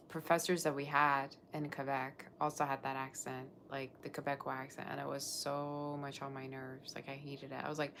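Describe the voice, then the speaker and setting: A woman's voice: low voice, fairly bright tone, slight background noise. A woman giving a live tarot reading to her viewers, chatting and rambling as she answers their comments. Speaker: tarot reader.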